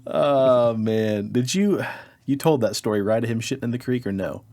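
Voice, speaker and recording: A man co-hosting a podcast, telling a dream story in a casual, animated way, with his voice jumping up when he quotes people. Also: medium pitch, normal speed, no echo. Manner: animated, acts out quotes in a raised voice. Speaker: podcast co-host.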